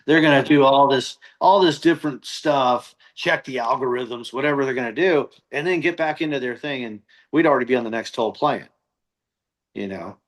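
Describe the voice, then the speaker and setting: A man's voice: mid-range voice, moderate pace. Middle-aged male coach, chatty guest, does voices in his anecdotes. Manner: animated storyteller who acts out quoted voices. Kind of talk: casual storytelling interview.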